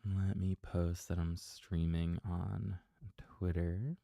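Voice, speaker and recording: A man hosts a casual bedtime story livestream from home, chatting gently and laughing softly to himself. His voice is deep, dark and gravelly, and his pace is unhurried, heard close and dry. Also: little pitch movement, no echo.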